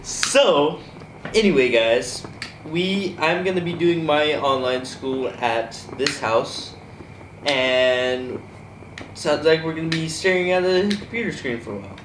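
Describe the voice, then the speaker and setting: A man's voice: a little high, a little slow. Chatty teen guy in an echoey room. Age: teens. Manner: chatty, rambling, laughs often. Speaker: host. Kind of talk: casual podcast chat. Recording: echoey room, distant mic, noisy.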